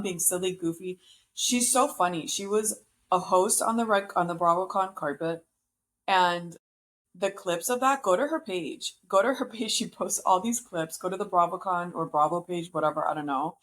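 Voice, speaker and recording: A woman's voice: lowish voice, fairly bright tone. A woman hosting a podcast, chatting casually and gossiping about reality TV with frequent laughs. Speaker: podcast host.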